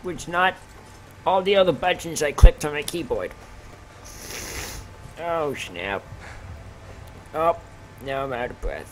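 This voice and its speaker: Excitable man playing a video game. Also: fairly high pitch, slow pace, long pauses, a little hiss or hum. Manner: excitable, keeps exclaiming "oh snap". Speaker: gaming channel host. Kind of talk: let's play commentary.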